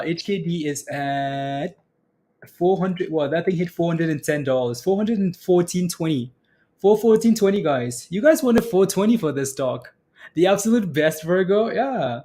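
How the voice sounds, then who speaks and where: A man's voice: on the high side, a little mellow. A man hosting a stock day-trading livestream, casually commenting on prices and hyping up his viewers.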